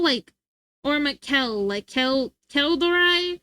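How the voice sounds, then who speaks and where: A woman's voice: high voice, expressive, a little slow, fairly bright tone, dry recording, faint music behind. A woman streamer chatting casually and playfully with her live chat, laughing often.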